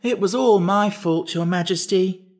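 Simple pumpkin-headed wooden man, read by a male narrator: higher voice, earnest and eager, storybook. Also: measured pace. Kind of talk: audiobook character voice.

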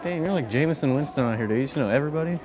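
A man's voice: fairly high pitch, animated, racing, loud music behind the voice. A young man vlogging in casual chat, joking and swearing in a loose slangy way as he walks around a store and outdoors.

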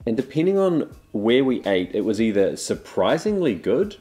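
A man's voice: mid-range voice, sing-song, normal speed, warm tone. A young man with a New Zealand accent, explaining things in an easygoing voice-over chat for a travel vlog. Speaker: travel vlogger.

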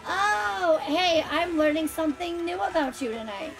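A woman's voice: extremely high pitch, expressive, a little slow, creaky. A woman streaming a racing game, chatting with friends and viewers in a bubbly, chatty way and laughing often. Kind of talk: live-stream chat while racing. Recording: music playing behind.

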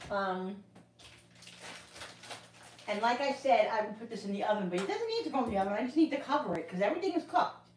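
A woman's voice: a little high, lively intonation, fast talker, pauses often, far from the mic, slight background noise. A middle-aged woman hosting a cooking livestream, chatting casually and telling a story in a rambling, repetitive way with many restarts. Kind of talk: casual chat while cooking. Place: home kitchen. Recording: echoey room, voice away from the mic.

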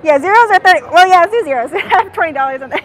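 A woman vlogging live from a casino table, calling her bets and laughing and cheering often. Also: very high-pitched. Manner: giggly, excitable, cheering. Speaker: gambling vlogger. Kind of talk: live table-game commentary. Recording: noisy casino floor.

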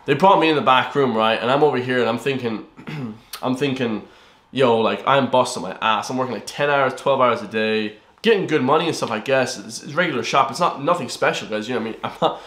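A man's voice: medium pitch, fairly bright tone. A young man giving a rambling, blunt motivational monologue to his viewers. He swears freely and keeps calling them "guys.". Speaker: fitness vlogger. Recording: roomy echo.

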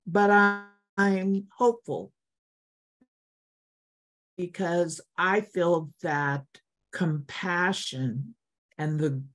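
Older woman, guest speaker to an online meditation group. Slow, low, heartfelt and encouraging, repeats phrases. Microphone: video call.

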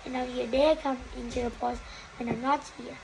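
A woman reads aloud as a cheeky, mischievous young boy from a storybook. He speaks in a taunting way, and the voice stays high. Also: steady tone, normal speed, gravelly, a little mellow, a little hiss or hum, poor audio. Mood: scornful.

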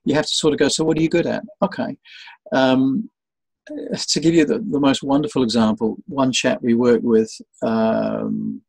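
Husky-voiced man telling stories animatedly. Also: mid-range voice, dry recording, low-quality recording. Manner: animated storyteller, acts out quoted voices. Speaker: guest, sales trainer. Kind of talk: conversational interview.

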